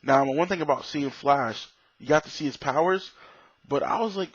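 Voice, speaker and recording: A man's voice: a little high, normal speed, breathy edge, no echo. A man giving a casual, blunt and profane spoken movie review, full of restarts and strong opinions. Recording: dull, slightly lo-fi dry recording.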